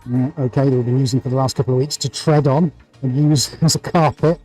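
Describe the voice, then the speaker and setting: A man's voice: mid-range voice, fairly even intonation, a little fast, darkish tone, faint music behind, poor audio. A British man hosting a painting livestream, talking to viewers in an upbeat, enthusiastic way and full of superlatives. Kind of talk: livestream commentary.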